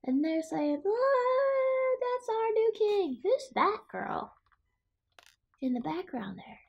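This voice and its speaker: A woman's voice: very high-pitched, very animated, takes it slowly, gravelly, highs cut off, full character voice. A woman playing Pickles, a quirky childlike woman who says she was raised by wolves, reading a picture book aloud with chatty asides about herself in the third person. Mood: playful. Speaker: storyteller.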